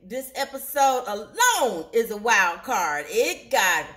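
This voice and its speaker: A woman hosting a casual TV episode recap, telling the story in an animated way and acting out the characters' lines. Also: high-pitched, moderate pace, hardly any pauses. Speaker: recap show host.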